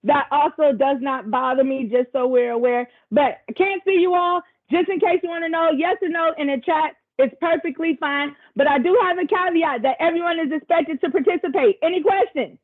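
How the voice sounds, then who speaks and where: A woman with a high voice runs a virtual workshop over a video call, talking at a normal speed with hardly any pauses. She's chatty and encouraging, making casual asides to the group, and the audio sounds tinny.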